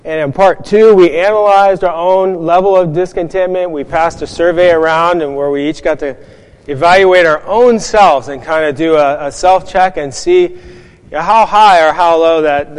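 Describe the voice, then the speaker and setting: A man's voice: fairly high pitch, moderate pace. Emphatic man preaching in a reverberant hall. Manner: earnest, emphatic, rhetorical questions to the congregation. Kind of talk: sermon.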